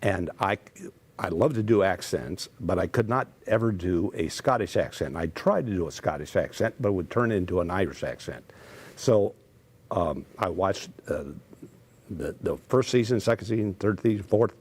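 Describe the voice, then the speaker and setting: An older man telling stories as a TV guest, speaking carefully and deliberately after a stroke, with frequent fillers. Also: deep voice, lively intonation, a little mellow, slightly rough. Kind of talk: storytelling in a TV interview.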